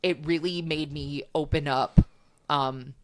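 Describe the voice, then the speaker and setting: A woman's voice: deep voice, fairly even intonation, slow pace. A woman guest on a podcast, telling stories in casual chat, with many "um"s and "like"s. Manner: chatty storyteller with many "um"s and "like"s.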